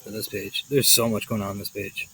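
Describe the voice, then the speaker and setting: A man reading a children's picture book aloud, animated and pausing for his own asides. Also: lowish voice, slight background noise, poor audio. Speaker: storyteller.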